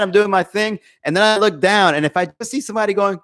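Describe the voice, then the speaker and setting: Speaking into a phone for his livestream podcast, a young comedian reads out viewer comments, performs the quoted voices, and swears often. He is high-pitched and a bit bright, talking fast with few pauses.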